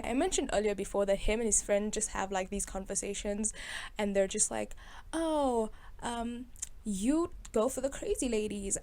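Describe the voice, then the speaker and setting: A young woman hosting a film review in casual, sarcastic commentary, chatty and quick to laugh. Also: fairly high pitch. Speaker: video host reviewing a film.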